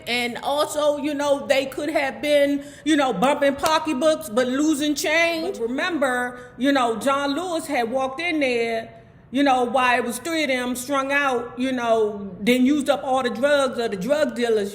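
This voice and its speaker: A woman with a Southern US accent hosting a book club, reading a memoir aloud and breaking into loud, animated, casual commentary. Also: sits high. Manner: switches between soft reading and loud animated asides.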